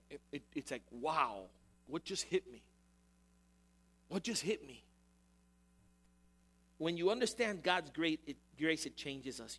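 A high-pitched man delivers a sermon with emphatic, repetitive phrasing. He builds his points through rhetorical questions aimed at the congregation. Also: fairly bright tone. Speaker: pastor.

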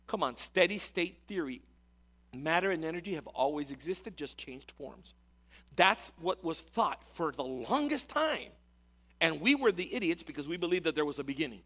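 A man preaching a sermon in an emphatic, sarcastic way, with loud peaks for emphasis. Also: high-pitched. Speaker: pastor.

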